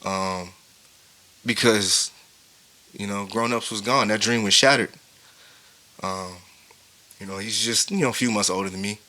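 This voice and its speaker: A podcast host in his thirties, tearful and grieving, recounts a painful personal story in a casual, heartfelt way full of fillers. His voice is on the low side, pushed and bright, a little slow, with long pauses.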